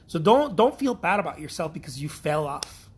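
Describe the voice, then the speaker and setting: A man's voice: fairly high pitch, very animated, normal speed, darkish tone, husky. A man from Mexico, an artist giving a blunt, profane, repetitive pep talk in a casual vlog.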